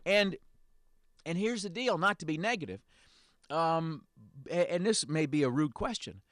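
A man's voice: on the high side, animated, measured pace, a bit bright, no room sound. A man hosting a talk radio show, delivering a sarcastic, rambling monologue with plenty of filler words into a studio mic. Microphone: studio mic with headphones.

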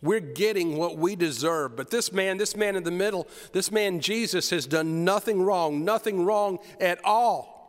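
A man's voice: high-pitched, measured pace, few pauses, big-room sound, pitched above the performer's own voice. A man voicing a repentant criminal dying on a cross, speaking with urgent, raised force. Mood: urgent rebuke.

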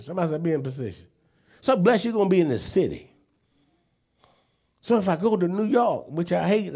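A man, preaching a sermon and telling stories in an animated, folksy, emphatic way. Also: high voice. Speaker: apostle preaching.

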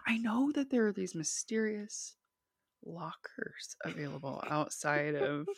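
A woman's voice: lowish voice, expressive, a little slow, creaky, no room sound, studio quality. A young woman co-hosting a casual chat over a video call, wry and laughing, with frequent swearing.

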